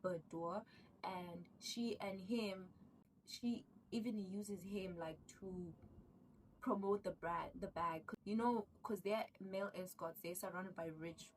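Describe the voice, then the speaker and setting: A woman casually retelling a drama's plot, excitable and rambling. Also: medium pitch, takes it slowly, distant mic, slight background noise, low-quality recording. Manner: excitable, rambling, acts out characters' lines. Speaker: vlogger recapping a drama. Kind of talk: casual storytelling recap.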